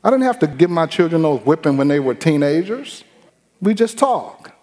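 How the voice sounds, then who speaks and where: Middle-aged preacher, fairly high voice, joking storyteller, long church echo. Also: male voice, big pitch swings, normal speed, darkish tone. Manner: folksy, humorous storytelling with acted-out quotes. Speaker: pastor. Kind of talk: sermon. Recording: long hall reverb.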